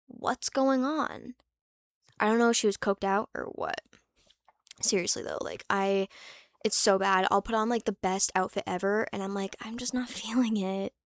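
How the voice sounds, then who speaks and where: A woman's voice: medium pitch, fairly bright tone, no room sound, clean studio sound. A young woman vlogging in casual chat, rambling and candid, with lots of fillers and restarts, swearing freely and sometimes dropping to a whisper for asides.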